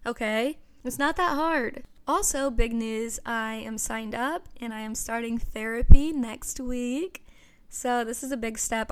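Young woman, casual podcast chat, earnest, smooth clear voice, raised pitch. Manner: chatty, earnest and gushing, with frequent "you know". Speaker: podcast host.

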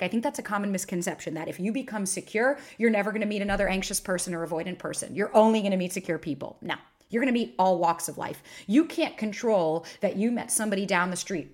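Frank, profane woman podcast host. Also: medium pitch. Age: 30s. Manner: frank, profane, emphatic storytelling. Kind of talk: casual solo podcast monologue.

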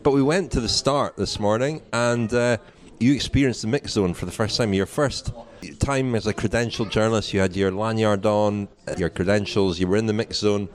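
A man's voice: on the low side, normal speed, hardly any pauses. A man hosting a podcast, leading a genial, wry conversation from a small restaurant. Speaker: podcast host. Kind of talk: hosting a casual podcast chat.

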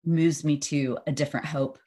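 A woman who is a podcast guest, telling personal stories in an animated way and laughing often. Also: low-pitched, normal speed. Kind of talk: conversational interview.

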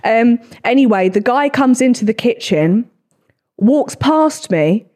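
A young woman, hosting a podcast and telling stories in casual chat, swearing freely. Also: fairly high pitch. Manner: swearing, quick animated storytelling. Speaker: podcast host.

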